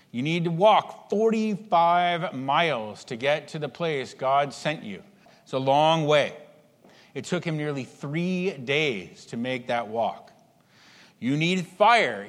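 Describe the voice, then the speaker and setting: A man's voice: fairly high pitch, animated, unhurried. Emphatic preacher man in a reverberant hall. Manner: emphatic, acts out imagined inner speech, swings between hushed and raised. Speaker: pastor. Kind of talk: sermon.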